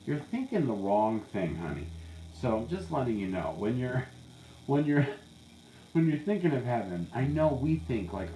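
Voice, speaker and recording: A man who works as a psychic medium, talking candidly and jokingly in a casual monologue. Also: a little slow. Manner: candid, joking, animated with sudden high jumps. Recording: echoey room, faint background hum.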